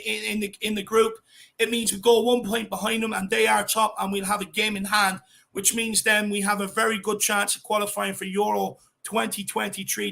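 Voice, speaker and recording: An Irish man hosts a casual live fan show, reading viewer comments and giving shout-outs. His voice sits high with a gravelly edge. The tone is bright and forward. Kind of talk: casual live-stream chat.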